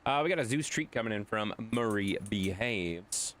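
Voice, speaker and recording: A man's voice: fairly low pitch, lively intonation, moderate pace, fairly bright tone. A man streaming live, chatting casually and rambling as he answers viewers' chat.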